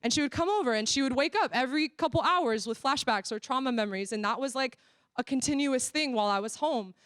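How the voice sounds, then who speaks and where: A woman's voice: high-pitched, quick pace, fairly bright tone, clear, resonant tone, no echo, studio quality. A young American woman from Florida giving a casual sermon-style church workshop talk, telling stories animatedly and acting out dialogue. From Florida, USA.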